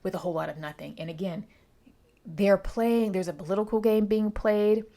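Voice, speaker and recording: A woman's voice: medium pitch, moderate pace, warm tone. A woman giving a chatty, digressive book review in a casual vlog.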